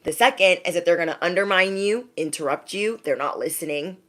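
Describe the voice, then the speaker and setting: A woman talks straight to her viewers in a casual spiritual pep talk. She drives each point home by repeating phrases and checking in with a quick "okay?". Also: lowish voice, a bit bright. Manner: emphatic, repeats phrases, direct address with frequent "okay?". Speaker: spiritual reader.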